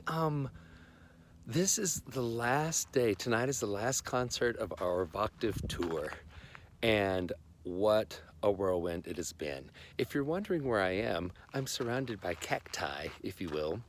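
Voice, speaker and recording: A man's voice: lowish voice, expressive, measured pace, a little hiss or hum. A man hosting a casual vlog outdoors in a desert park, talking in a chatty, enthusiastic, rambling way. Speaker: vlog host and touring singer.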